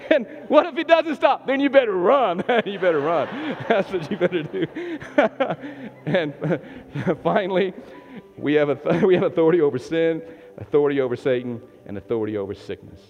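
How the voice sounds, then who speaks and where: A man preaching a sermon as pastor to a live and online congregation, animated and laughing often, moving from loud exhortation to hushed prayer. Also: high-pitched, normal speed, gravelly. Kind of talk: sermon with call and response. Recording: long hall reverb, dull lo-fi sound, faint music.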